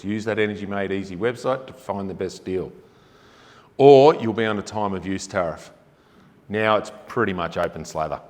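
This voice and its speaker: Low-voiced Australian man in a reverberant hall. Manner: conversational and emphatic, rhetorical questions. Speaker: energy efficiency presenter. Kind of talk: public forum talk. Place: forum venue hall.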